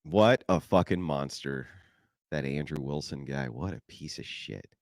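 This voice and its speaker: A man's voice: extremely low pitch, measured pace, no echo, studio quality. A man hosting a stream, giving sarcastic, profane, mocking commentary. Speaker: streamer host.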